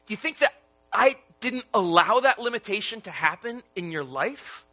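A man's voice: high-pitched, expressive, measured pace, sharp tone, exaggerated voice. A man voicing God in a sermon retelling, pressing with insistent rhetorical questions. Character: God, firm and questioning, older male voice. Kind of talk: sermon retelling with acted quotes.

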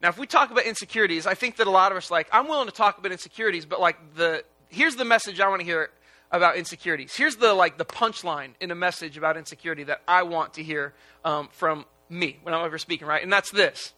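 A man's voice: high-pitched, fast, pushed and bright. A young adult man preaching a sermon in a casual, conversational way. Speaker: pastor.

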